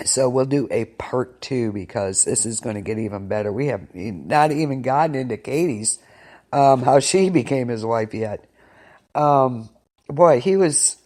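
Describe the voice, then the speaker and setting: A man hosting a casual internet radio show, his pitch sitting in an ordinary middle range. He rambles and hesitates, restarting sentences and reacting with disbelief. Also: expressive, a little slow. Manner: incredulous, keeps saying wow. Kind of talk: casual chat.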